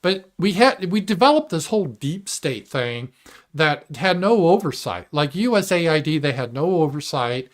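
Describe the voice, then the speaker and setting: A male livestream host talking in a slightly high voice, in a loose, blunt commentary monologue. He swears freely and reads viewer messages aloud between remarks. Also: big pitch swings, normal speed. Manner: blunt and profane, mimics opponents in mocking voices. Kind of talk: casual political commentary monologue.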